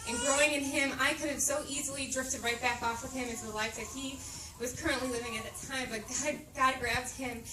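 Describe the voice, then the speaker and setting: Brief: high-pitched woman in her thirties, heartfelt testimony, heard from a distance with noise behind. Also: steady tone, a little fast. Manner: heartfelt, emotional storytelling. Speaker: speaker sharing her testimony. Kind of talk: personal faith testimony to a group. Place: meeting room at a moms' camp. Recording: echoey room, distant mic, background noise.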